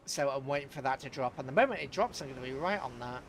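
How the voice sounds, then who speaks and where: A man's voice: mid-range voice, animated, fast, noisy background. A man chatting casually through a live game stream, laughing often and talking to his chat. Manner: chatty, chuckling, talks to chat. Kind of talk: live gameplay commentary.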